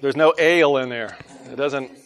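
A man's voice: medium pitch, normal speed. A man with a Southern US accent, teaching a casual Bible study, joking and laughing at himself between scripture readings.

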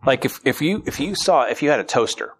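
A man's voice: mid-range voice, expressive, brisk, breathy edge. A middle-aged man preaching a sermon in a conversational, humorous way. He reads scripture aloud and then explains it.

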